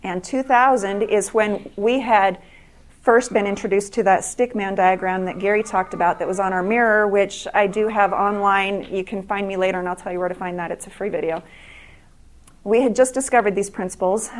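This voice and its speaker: A middle-aged woman giving a speech to an audience, telling stories earnestly and often restarting and repeating words. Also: mid-range voice. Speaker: speaker at an evening event.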